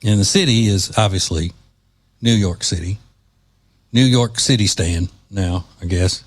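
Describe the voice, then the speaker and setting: A man's voice: deep voice, a little slow. Male talk radio host. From Louisiana. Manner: joking, wry, sarcastic asides. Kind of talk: casual talk radio monologue.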